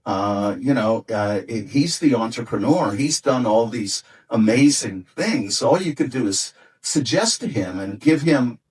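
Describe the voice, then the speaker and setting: Husky-voiced man telling a rambling story. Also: medium pitch, animated, a little slow, recorded from a distance, poor audio. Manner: rambling, many fillers and restarts. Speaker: former record company executive. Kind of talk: anecdotal interview storytelling.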